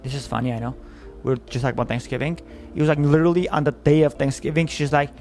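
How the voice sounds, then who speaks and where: A man's voice: fairly high pitch, steady tone, quick pace, faint music behind. A man telling a comic story about an ex, rambling with lots of fillers and acting out what was said. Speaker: comedian telling a dating story. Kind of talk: casual storytelling monologue.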